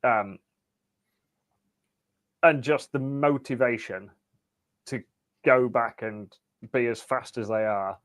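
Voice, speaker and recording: A man's voice: medium pitch, slow pace, pauses often, a bit bright. Wry man, easy chat. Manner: easygoing, wry and chatty with a dry humour. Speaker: podcast guest. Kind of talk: casual interview chat.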